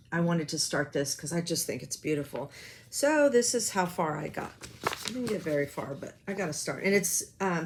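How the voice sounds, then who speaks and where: A woman chatting casually about her stitching projects, rambling and self-deprecating, with lots of ums. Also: on the low side. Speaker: cross-stitch vlogger. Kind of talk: casual show-and-tell chat.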